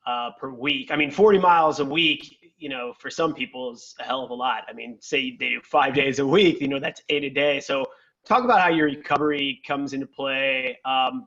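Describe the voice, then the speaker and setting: A man hosts a relaxed interview, tossing out questions and teasing jokes. His voice has a bright, forward edge. The sound is slightly dull and muffled. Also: medium pitch. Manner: joking, bro-ish banter. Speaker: host. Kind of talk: casual interview talk.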